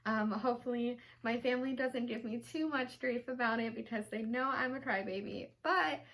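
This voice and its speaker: A woman's voice: a little high, normal speed, a bit bright. A young woman and mother talking casually to her camera, chatty and gushing, with lots of ums, emotional and close to tears. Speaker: vlogger mom. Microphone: camera mic, seated.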